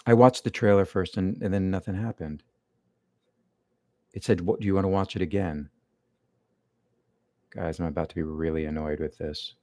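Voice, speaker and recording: A man's voice: sits low, fairly even intonation, normal speed, long pauses, a little mellow, no room sound. A man hosting a live stream from his living room, grumbling with irritation as he talks to himself and his viewers. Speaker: livestream host. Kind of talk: live-stream reaction chat.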